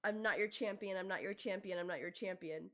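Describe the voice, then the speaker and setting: A woman's voice: medium pitch, fairly quick, a bit bright, natural voice. A woman voicing a distraught young woman, sobbing and repeating herself in shaky breaths.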